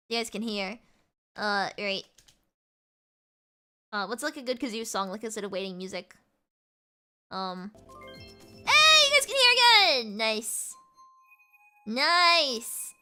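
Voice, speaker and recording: British woman gamer streaming from home, high lively voice, giggly rambler, game music playing behind. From Britain. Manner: bubbly, rambling, giggly, lots of fillers. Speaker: VTuber streamer. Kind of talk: casual livestream chat while gaming.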